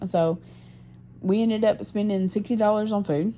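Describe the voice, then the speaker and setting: A woman's voice: medium pitch, normal speed, mellow, a little hiss or hum. A woman recording a personal audio diary, venting her frustration about her partner and swearing heavily. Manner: profane, frustrated, heavy swearing. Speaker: diarist.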